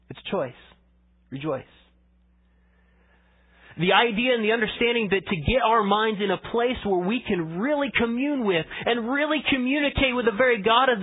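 Male pastor, higher-pitched husky voice, conversational sermon, thin phone-like recording. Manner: conversational preaching, swings between emphatic and hushed. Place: church sanctuary. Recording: tinny phone-like church audio.

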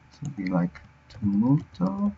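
A man streams his game development work, muttering to himself as he thinks aloud and sounds out words. His voice is slightly high and sing-song, his pace a bit slow, and the dull lo-fi audio carries slight background noise.

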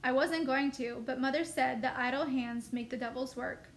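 A cocky young soldier-to-be from a storybook, proud of himself and quick to scold, as a woman reads him aloud. The voice stays high, with faint ambient noise behind. His lines are lightly voiced rather than acted. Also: fairly even intonation. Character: older brother, young man, proud and cocky. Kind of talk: reading a novel aloud.

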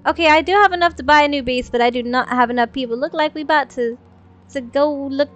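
A woman's voice: high voice, fast talker, soft background music. A woman streamer, chatting casually and swearing freely while she plays, a little worn in the voice. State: losing her voice. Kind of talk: casual gaming stream chat. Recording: dull, lo-fi stream audio.

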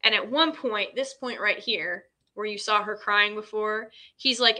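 Chatty woman with a bright voice. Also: medium pitch, moderate pace, hardly any pauses. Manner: chatty, filler-heavy, retells scenes in quoted dialogue. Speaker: host. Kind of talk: casual film recap.

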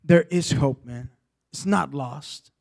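A male preacher delivering a sermon, rising from quiet storytelling to loud, impassioned exhortation. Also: on the high side, slow pace, creaky.

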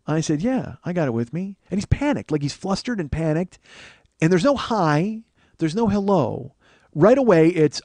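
A comedian in his forties rants through a comic story, swearing freely and staying animated throughout. His voice sits fairly high for a man. It is recorded close and dry, with no room sound. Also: moderate pace, no room sound. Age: 40s. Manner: animated, ranting, profane. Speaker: comedian podcast host.

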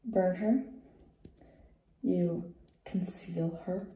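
A woman's voice: lowish voice, extremely slow, very noisy. A woman chatting casually through a makeup tutorial at home, joking and often dropping to a whisper. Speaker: beauty vlogger. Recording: echoey room.

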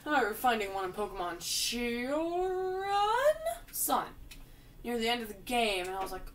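A woman giving casual, jokey commentary while she plays a video game, with sudden loud outbursts. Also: on the high side, lively intonation, moderate pace, recorded from a distance. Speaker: gamer playing through a video game.

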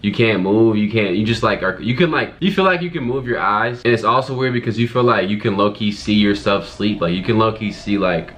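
Young male co-host, deep voice, easygoing storyteller. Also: a little fast, few pauses, fairly bright tone. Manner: laid-back, slangy, many fillers. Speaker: co-host of a couple's channel. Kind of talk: casual storytelling to camera.

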